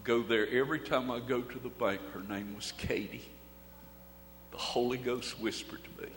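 A male preacher tells a story in a sermon, speaking folksy and dramatic with pauses and swings from loud to hushed. It is recorded in an echoey hall. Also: mid-range voice, steady tone. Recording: echoey hall with faint hum.

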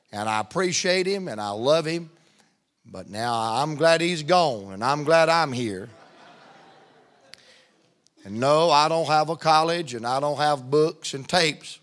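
Before his sermon, a visiting preacher in middle age tells folksy jokes like a seasoned storyteller. His medium-pitched voice is animated and fairly bright, and he takes an unhurried pace.

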